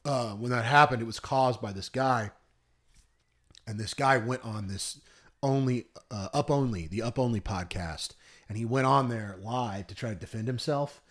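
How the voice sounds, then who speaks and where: A man's voice: medium pitch, normal speed, a bit bright. A young man co-hosting a podcast in casual chat, telling stories in a rambling way and often correcting himself. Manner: rambling, self-correcting storyteller. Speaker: podcast co-host.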